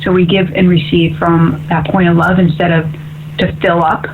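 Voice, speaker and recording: A woman's voice: fairly low pitch, flat delivery, moderate pace, a little hiss or hum. A woman hosting a call-in spiritual radio show as an intuitive medium, talking in an upbeat, chatty way and often asking "right?". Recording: tinny phone-like radio audio.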